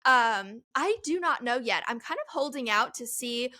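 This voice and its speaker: A woman's voice: a little high, lively intonation, moderate pace, bright, forceful tone. A woman in her twenties hosting a solo Q&A podcast, talking in a chatty, rambling way and laughing at herself. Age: 20s. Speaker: podcast host. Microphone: headphones, studio-style mic.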